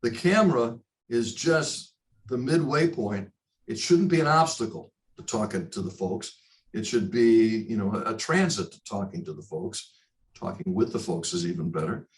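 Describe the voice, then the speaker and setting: A man being interviewed about his broadcasting career. He talks in short, reflective phrases and his pitch jumps up sharply when he stresses a point. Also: normal speed, rough recording. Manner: animated, rises sharply in pitch for emphasis. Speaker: guest, broadcaster. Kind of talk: storytelling in a casual interview.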